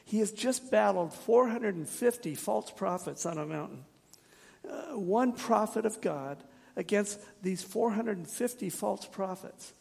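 A man's voice: high-pitched, animated, a little slow, vocal fry, darkish tone, husky, big-room sound. A man preaching a sermon in an earnest, direct way, asking his congregation questions and slipping in wry jokes. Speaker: pastor.

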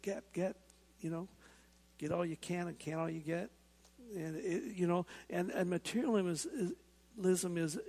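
A gravelly, husky male pastor preaching a sermon. His voice sits a little higher than most men's, and he presses his points with repetition and quick asides to the congregation. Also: a little mellow.

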